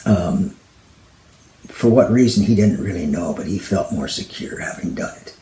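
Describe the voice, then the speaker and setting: A man's voice: deep voice, a little hiss or hum. A man telling an original travel story to an audience, voicing the characters as he goes. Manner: slow, lively, voicing characters. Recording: echoey room.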